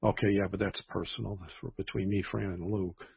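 Man, church stream host, rambling chat, gravelly voice, tinny phone-like sound. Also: sits low, flat delivery, a little fast, no room sound. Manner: rambling, with frequent restarts. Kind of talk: casual livestream chat.

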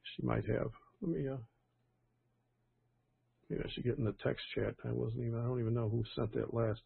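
Older male pastor, husky and gravelly, rambling chat over a dry phone line. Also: mid-range voice, steady tone, moderate pace, no room sound. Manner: rambling, chatty, with many fillers and restarts. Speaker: pastor leading an online prayer call. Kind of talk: casual reading and comment on praise reports.

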